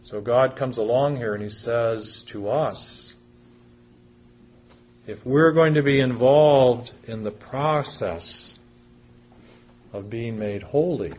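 A pastor preaches a sermon in a mid-range, slightly mellow voice. He reads scripture aloud and explains it in an earnest, conversational way.

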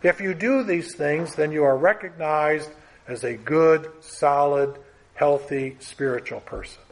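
Slow, measured male preacher. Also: on the high side. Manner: measured, emphatic, trailing off softly at phrase ends. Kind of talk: sermon.

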